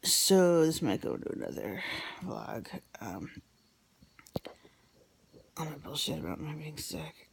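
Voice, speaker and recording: Low-voiced woman telling a story. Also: very animated, takes it slowly, creaky, pauses often, slightly rough. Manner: rambling with many fillers, drops to a whisper. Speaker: vlogger. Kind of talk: casual storytelling.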